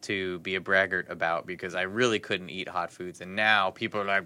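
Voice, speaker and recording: A man chatting on a local podcast with a very bright, forceful tone and a somewhat low pitch. He rambles through jokey stories. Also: steady tone, brisk, hardly any pauses, smooth. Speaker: podcast co-host. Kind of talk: casual chat.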